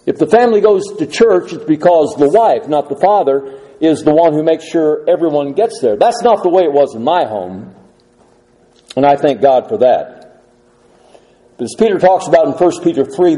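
A middle-aged male pastor delivers a sermon in an earnest, measured way, pausing on rhetorical questions. His voice sits high for a man yet sounds soft and mellow. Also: low-quality recording.

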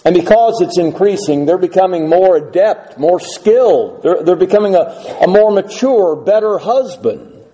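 A middle-aged man preaching a sermon, earnest and measured, asking the listeners rhetorical questions. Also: sits high, animated, warm tone, poor audio. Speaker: pastor.

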